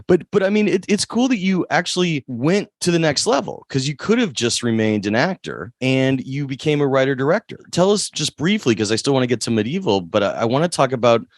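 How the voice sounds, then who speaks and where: Guy hosting an interview, dry jokey sarcasm, lively pitch, dead dry sound. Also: a little fast, hardly any pauses, dry recording. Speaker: interview host. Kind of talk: casual interview chat.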